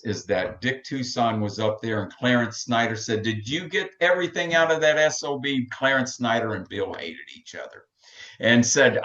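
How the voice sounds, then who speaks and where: A man's voice: fairly low pitch, fairly bright tone. An older man gives a passionate, emotional storytelling talk as a recovery meeting speaker. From Texas. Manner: passionate, emphatic. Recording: dull lo-fi recording.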